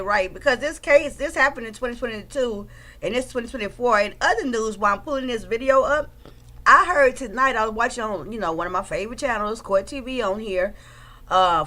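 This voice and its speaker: A woman, chatting casually as host of a livestream, greeting viewers by name in an animated way. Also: mid-range voice. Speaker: livestream host commenting on trial footage.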